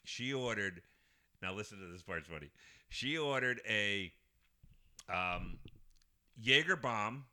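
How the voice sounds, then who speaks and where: A middle-aged man tells a story on a podcast in a casual, lively way. His voice is very bright and forward, and he acts out what people said and laughs through his telling. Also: fairly low pitch, slow, long pauses. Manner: animated storyteller who acts out quotes and laughs often.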